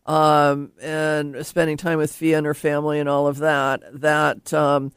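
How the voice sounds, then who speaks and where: A man's voice: a little high, completely flat delivery, a little slow, a bit bright, clear, resonant tone, no echo, studio quality. A man hosting a casual chat, talking in a rambling way with many ums and restarts. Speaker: host.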